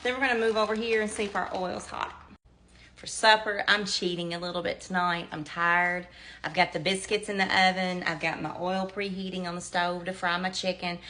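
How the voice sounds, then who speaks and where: This middle-aged cook from the American South has a fairly low, bright, forceful voice with a steady tone and moderate pace. She chats casually and down-to-earth through a home cooking demo, calling viewers y'all. Oil fries and sizzles nearby.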